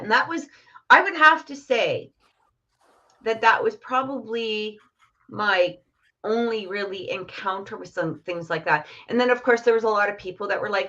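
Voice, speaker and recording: On a live stream with muffled, lo-fi sound, a middle-aged woman casually recounts something from her own life. Her mid-range voice has a sharp tone and moves at normal speed, and she chats away with frequent laughs, fillers, and restarts.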